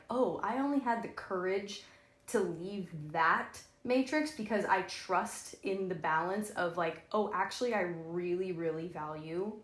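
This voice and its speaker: A woman's voice: fairly low pitch, reverberant. A woman co-hosting a podcast in casual chat, candid and often laughing, trailing off and restarting, with frequent swearing. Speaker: podcast co-host.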